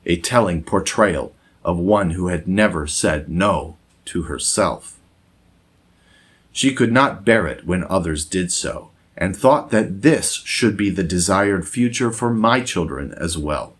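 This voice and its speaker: A man reading a moralizing essay aloud in a measured, deliberate scripted narration. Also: low voice, animated, breathy edge. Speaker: essayist and former English teacher.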